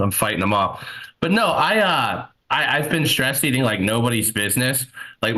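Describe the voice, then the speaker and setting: Over a video call on his computer mic, a man in his thirties does stand-up from home, seated at his computer. His voice is medium-pitched with a sharp tone, and the audio is poor. The stories ramble, mock himself, and lean heavily on fillers.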